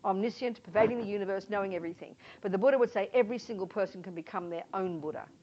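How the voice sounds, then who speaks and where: A woman's voice: medium pitch, rapid-fire, darkish tone. A Buddhist nun teaching a class in an informal, emphatic way, often acting out little scenes as she explains. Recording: dull lo-fi sound, faint noise.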